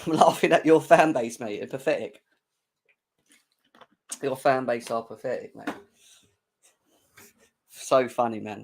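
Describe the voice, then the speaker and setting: A young man hosting a live football fan stream, bantering and mocking rival fans in slangy, excitable talk. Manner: mocking banter, slangy, laughs often, mimics rival fans in squeaky voices. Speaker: football channel host.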